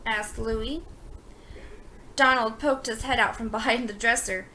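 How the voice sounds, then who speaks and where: A woman reading a picture book aloud in a lively, expressive manner. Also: a little high, unhurried, slight background noise, poor audio. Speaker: storybook reader.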